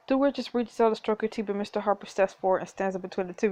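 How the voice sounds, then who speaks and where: A woman hosting a let's play, reading a story game aloud and adding snarky, expressive asides. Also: mid-range voice, quick pace, few pauses.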